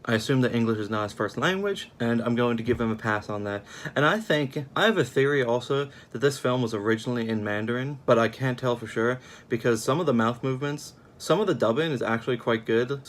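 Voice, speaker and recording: A man's voice: medium pitch, fairly bright tone. A young man giving a casual, sarcastic film review, rambling at an uneven pace.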